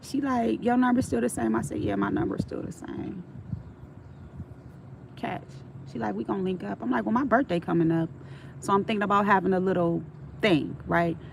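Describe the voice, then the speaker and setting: A woman's voice: medium pitch, expressive, normal speed, vocal fry, low-quality recording. A middle-aged woman telling stories on a casual livestream, frank and streetwise, swearing freely, with faint traffic noise behind her.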